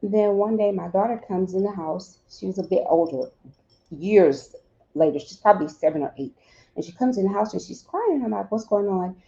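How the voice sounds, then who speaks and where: A woman's voice: medium pitch, animated, normal speed, dark tone, muffled recording. A woman speaking earnestly and directly to grieving parents, giving advice and acting out little dialogues between spouses. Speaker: grief counselor speaking to bereaved parents.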